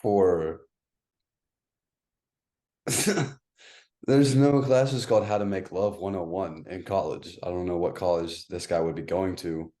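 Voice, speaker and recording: A young man with a very low, mellow voice gives slow, uncertain feedback. He hedges and trails off in a laid-back, chatty way. It sounds like a casual talk between friends. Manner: hesitant, hedging, trails off. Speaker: co-host giving feedback. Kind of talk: casual comedic critique.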